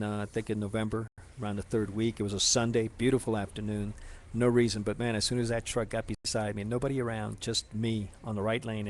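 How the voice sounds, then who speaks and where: A man telling a personal story in a rambling, halting way, full of restarts and fillers, speaking to someone he addresses directly. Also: fairly low pitch, slight background noise.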